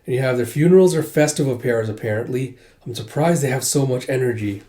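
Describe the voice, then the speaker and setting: Casual male manga recapper, rambling, mellow tone. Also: mid-range voice, fast.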